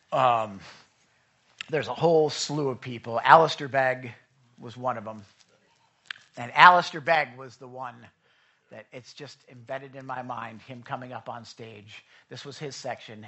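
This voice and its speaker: A man's voice: medium pitch, pushed and bright. A man preaching a sermon as a pastor, conversational and emphatic, with asides to the congregation in a church. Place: church sanctuary.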